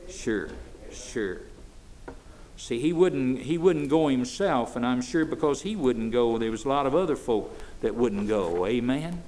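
A man's voice: medium pitch, animated, a little slow, a little mellow. An older man, preaching a sermon in a folksy way that builds to fervent emphasis. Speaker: pastor.

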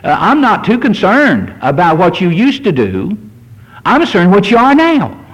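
A man's voice: high-pitched, muffled recording. A man in his sixties, a pastor preaching a fervent sermon and reading scripture aloud. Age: 60s.

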